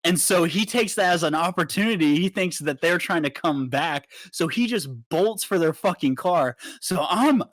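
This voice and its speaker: A young man co-hosting a podcast, telling a story in a casual, animated way and swearing freely. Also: high-pitched, normal speed, few pauses, no room sound. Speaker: podcast co-host.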